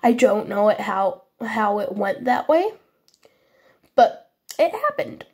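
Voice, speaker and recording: Still sniffly from a cold, this gaming channel host plays Minecraft and chats with her viewers, apologizing often and using a vague, put-on foreign accent. Her mid-range voice swings widely in pitch and moves slowly, a little mellow and slightly rough.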